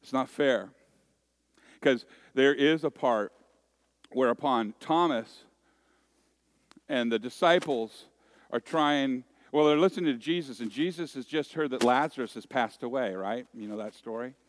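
Middle-aged male preacher, mid-pitched, folksy and joking with chatty asides; dry recording. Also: a little slow, no room sound. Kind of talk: sermon. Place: church worship service.

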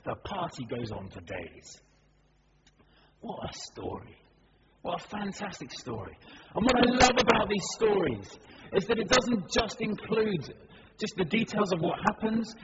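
A man's voice: sits high, very animated, normal speed, in a large hall. Dramatic male preacher. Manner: vivid, dramatic storytelling with swings between hushed and loud. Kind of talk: sermon storytelling. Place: church service. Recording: dull recording with background noise.

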